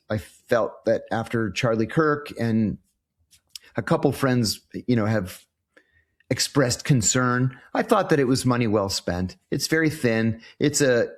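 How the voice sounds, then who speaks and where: A man in his sixties, a former intelligence officer answering interview questions in a casual, storytelling way. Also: fairly low pitch. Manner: animated storyteller, acts out quoted exchanges.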